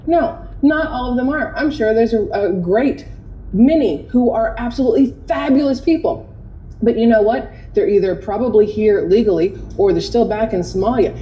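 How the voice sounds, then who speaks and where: A woman's voice: on the high side, moderate pace, muffled recording. A woman hosting an opinion commentary vlog, talking in a chatty, sarcastic and indignant way. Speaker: commentary host.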